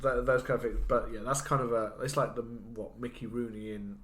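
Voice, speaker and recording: A man's voice: mid-range voice, little pitch movement, fairly quick, a bit bright. A man co-hosting a podcast in casual chat, rambling with many restarts. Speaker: podcast co-host. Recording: echoey room.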